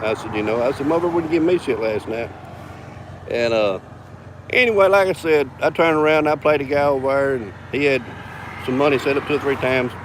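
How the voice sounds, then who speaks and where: A man with a drawl tells a rowdy bar story in loose, profane, casual talk, chuckling as he goes. His voice sits at an ordinary middle pitch. Steady traffic and outdoor noise run behind him. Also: fairly quick. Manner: drawling, profane, laughs between lines. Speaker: vlogger telling a story.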